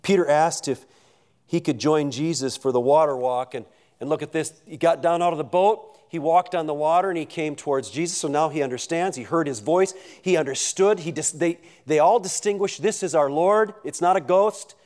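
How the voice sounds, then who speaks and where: A man preaching a sermon in a voice pitched a little high for a man. He is earnest and keeps restarting his words, often stammering on a word before it comes out. He keeps turning questions back to the congregation. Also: a little fast, darkish tone. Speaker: pastor.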